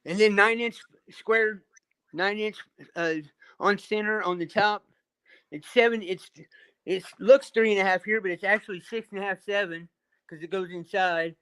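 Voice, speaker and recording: A man's voice: high voice, steady tone, normal speed, fairly bright tone, smooth, dry recording. A man chatting casually on a live video call panel, rambling as he shows off things he built. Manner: rambling, shows off his stonework and builds. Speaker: panel guest.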